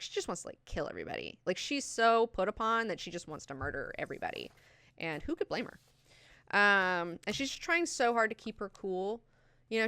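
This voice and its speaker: Bright, profane woman hosting a book club. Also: deep voice, no room sound, studio quality. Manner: animated, profane, lots of fillers. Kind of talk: casual book discussion.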